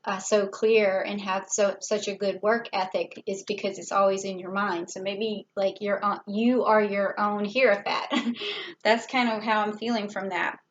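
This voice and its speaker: A chatty woman gives a relaxed tarot reading at a middle pitch, thinking out loud as she turns the cards. The sound is slightly dull and lo-fi, with a faint hiss of noise underneath. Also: measured pace. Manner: chatty, thinks aloud with fillers and little laughs. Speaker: tarot reader.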